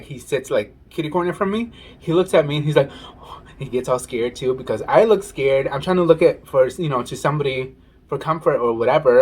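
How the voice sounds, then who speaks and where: Husky man telling a casual story. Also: mid-range voice. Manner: animated, says "y'all" and "oh my goodness". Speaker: mukbang vlogger. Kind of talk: casual storytelling while eating.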